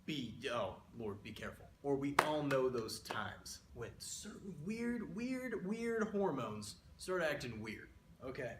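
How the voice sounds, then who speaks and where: A man's voice: medium pitch, very animated, measured pace, noisy background. A man giving a comedic mock economics lecture, playful and rambling with exaggerated asides. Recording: roomy echo.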